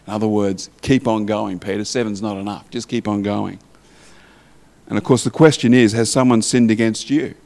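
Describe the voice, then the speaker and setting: A man's voice: on the low side, darkish tone. A man preaching a sermon in a conversational way, reading scripture aloud and asking the listeners questions.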